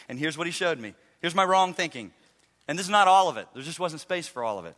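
High, bright-voiced male pastor preaching. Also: fast talker. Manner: animated storytelling, acting out quotes in a raised voice. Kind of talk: sermon. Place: church sanctuary. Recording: reverberant live church hall.

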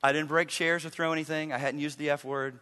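A middle-aged man preaching a sermon as a pastor, telling a story with animated acted-out quotes. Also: on the high side, fast. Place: church sanctuary. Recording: reverberant live church hall.

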